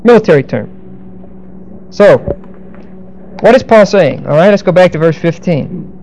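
Middle-aged male preacher, mellow dark voice, teaching scripture with grammar asides and humor; faint background hiss. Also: high voice, lively intonation, measured pace, poor audio. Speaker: pastor. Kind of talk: verse-by-verse sermon.

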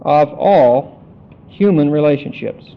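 A man teaching a Bible study lecture, deliberate and emphatic, spelling out Greek words. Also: fairly high pitch, lively intonation. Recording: dull lo-fi recording.

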